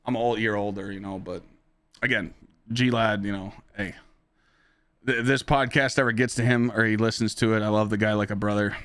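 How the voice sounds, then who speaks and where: A man hosting his own podcast, telling stories casually to a live chat in an animated, profane way, his pitch jumping high when he relives exciting moments. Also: a little fast. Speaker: podcast host and streamer.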